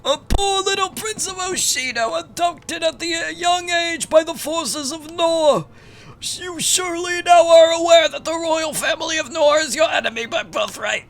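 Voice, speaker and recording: A man doing a high booming tyrant king. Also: moderate pace, a bit bright, slight background noise. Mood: imperious. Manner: booming, theatrical. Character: cold tyrant king, older father figure. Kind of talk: game dialogue read-along.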